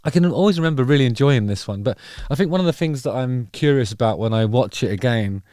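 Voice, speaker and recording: A man's voice: mid-range voice, lively intonation, quick pace, a little mellow, no room sound, clean studio sound. A middle-aged man hosting a casual music video reaction, rambling and wry with playful digressions.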